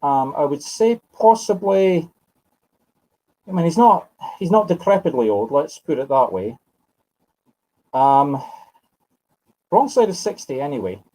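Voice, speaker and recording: A Scottish medium in his fifties gives live spiritual readings, musing aloud, correcting himself, and calling sitters by name. His voice sits on the high side with a sing-song lilt and a dark tone, moving a little slowly with long pauses. The recording is rough.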